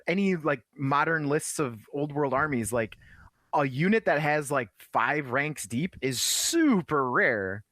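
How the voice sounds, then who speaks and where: A man's voice: on the high side, lively intonation, unhurried, a bit bright, no echo, studio quality. A man co-hosting a casual gaming podcast, emphatic and profane, laughing often. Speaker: podcast co-host. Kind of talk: casual chat.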